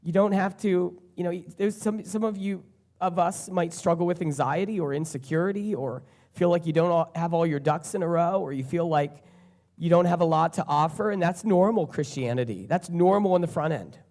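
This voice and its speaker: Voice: medium pitch, moderate pace, darkish tone. A preacher giving an earnest sermon and repeating key phrases for emphasis.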